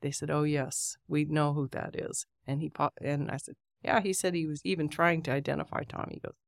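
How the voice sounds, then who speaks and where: A middle-aged woman recounting a painful personal story in an interview. She talks in a halting, everyday way, stringing the events together with "and then" and "he goes", with frequent "uh" between them. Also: sits low, flat delivery, creaky. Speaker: interviewee, bereaved mother. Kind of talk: personal retelling.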